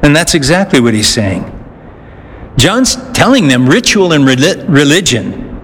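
A man with a slightly high voice preaches slowly and earnestly, often pausing on "uh" and restarting phrases. His voice rings through a large hall with a long reverb, and faint noise sits behind it. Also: sing-song, fairly bright tone. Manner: earnest, with frequent "uh" pauses and restarts. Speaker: pastor. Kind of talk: sermon.

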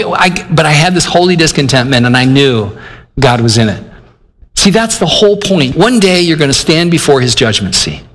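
A man's voice: a little high, fairly bright tone. Older male pastor preaching in a reverberant hall. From Michigan. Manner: earnest, conversational preaching, acts out his own inner dialogue. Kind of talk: sermon.

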